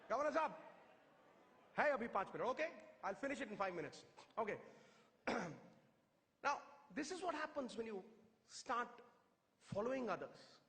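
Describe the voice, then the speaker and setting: A middle-aged man with a Punjabi-tinged Indian English accent, telling stories to an audience in a theatrical, punchy way with quick one-liners. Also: extremely high pitch, animated, a bit bright. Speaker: motivational speaker. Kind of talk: storytelling speech to a live audience. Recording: hall reverb.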